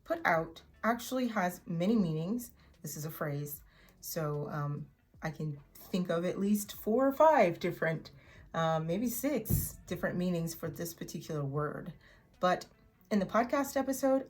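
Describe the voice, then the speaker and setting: A woman teaching an English vocabulary lesson in a chatty way, repeating words slowly for learners to echo. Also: on the low side, expressive, a little mellow. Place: in Oklahoma.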